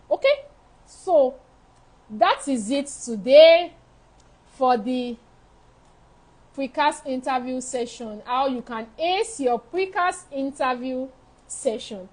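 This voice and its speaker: A woman's voice: high-pitched, darkish tone, low-quality recording. A woman giving frank, emphatic advice as a study-abroad counselor in a live session, repeating her key points. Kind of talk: live advice session answering viewer questions.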